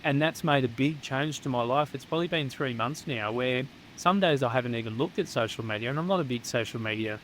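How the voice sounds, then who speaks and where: A man's voice: mid-range voice, brisk, few pauses, fairly bright tone, a little hiss or hum, low-quality recording. An Australian man who works as a psychotherapist, speaking as a guest in a candid, casual chat, blunt and swearing freely. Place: home near the beach.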